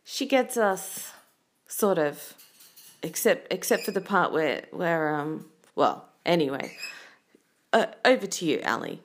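A woman's voice: on the low side, big pitch swings, slow. A woman hosting a casual call-in voice-message show, chatty and playful, rambling between her callers. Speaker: host.

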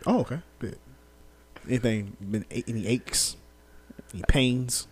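A man co-hosting a podcast, playful and expressive. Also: mid-range voice, measured pace, breathy edge, no echo. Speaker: podcast co-host. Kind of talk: casual chat.

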